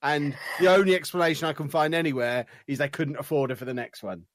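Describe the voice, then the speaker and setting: A man's voice: on the high side, quick pace, dry recording. A man co-hosting a podcast, making dry, sardonic quips in casual chat. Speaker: podcast co-host.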